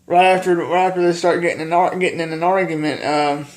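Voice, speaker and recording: A man vlogging casually about his favorite film, halting with lots of filler pauses and plainspoken. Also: on the high side, fairly even intonation.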